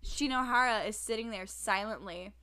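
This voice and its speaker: A woman's voice: mid-range voice, normal speed, sharp tone, clear, resonant tone. A woman co-hosting a podcast, recapping an anime episode in casual chat, giggling and acting out characters. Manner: giggly, acts out characters in bursts. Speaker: podcast co-host.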